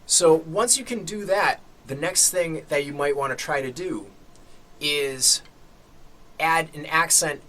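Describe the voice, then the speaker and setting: A man's voice: fairly high pitch, slow pace, a little hiss or hum. A man teaching a drum lesson, explaining step by step and often checking in with "okay?". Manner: relaxed explaining, frequent "okay?" check-ins.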